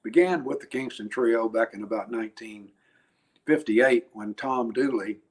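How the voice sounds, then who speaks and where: An older man, a guest musician, telling anecdotes in an interview in a chatty, animated way, laughing and restarting his phrases. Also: medium pitch, moderate pace.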